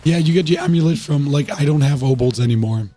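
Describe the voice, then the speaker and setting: He has lost his voice, yet this man keeps chatting casually to viewers as he streams a game, rambling, repeating himself and throwing rhetorical questions at chat. His voice sits fairly high, moves quickly and sounds mellow.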